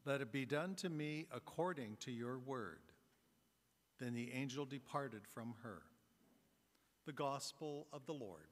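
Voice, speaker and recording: A man reading a gospel passage aloud as a deacon, measured and formal. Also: mid-range voice, expressive. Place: large church. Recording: long church reverb.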